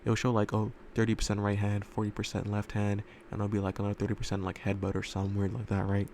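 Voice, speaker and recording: A man's voice: fairly low pitch, monotone, quick pace, darkish tone, slight background noise. A man telling a fan story casually, rambling with lots of fillers and loose swearing, recorded in a room at home.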